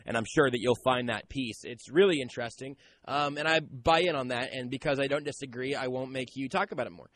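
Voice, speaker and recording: A man's voice: fairly high pitch, a bit bright, slight background noise, rough recording. A man hosting a casual sports talk show, chatty and jokey as he leads the questions. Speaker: sports radio host.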